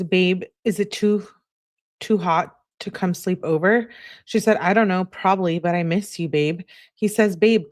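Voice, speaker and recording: A woman's voice: on the low side, darkish tone. A woman hosting a true crime channel, reading text messages aloud in an easygoing way and chatting to her viewers between them.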